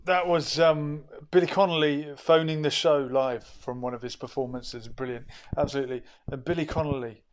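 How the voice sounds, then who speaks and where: A man hosting a talk show, speaking in a measured way with frequent pauses and hesitations. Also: on the high side, steady tone. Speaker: show host. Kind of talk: talk-show monologue on history.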